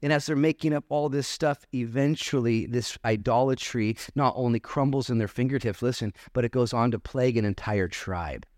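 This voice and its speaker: A man's voice: medium pitch, normal speed, few pauses, darkish tone, no room sound, studio quality. A male pastor giving a sermon in church, reading scripture aloud and then riffing on it in a casual, joking way. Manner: casual, joking preacher who reads scripture then riffs.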